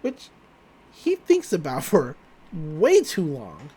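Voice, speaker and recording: A breathy-edged, mid-range voice takes its time as a podcast host casually recaps a cartoon episode. The host is animated, laughs a lot, voices the characters' lines, and adds wry remarks about the plot.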